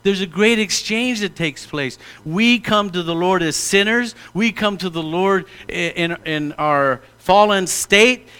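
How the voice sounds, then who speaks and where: Middle-aged male pastor, sermon delivery, forceful bright tone, slightly higher-pitched voice, playful mock-pompous asides. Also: unhurried, few pauses, clear, resonant tone.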